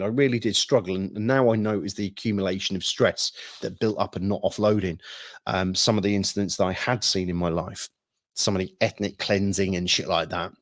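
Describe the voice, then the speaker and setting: A middle-aged man telling a story casually, rambling with many ums and restarts, swearing freely and acting out shouted quotes. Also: fairly low pitch, no echo, studio quality. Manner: acts out shouted quotes with sudden bursts. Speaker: hypnosis trainer recounting military past.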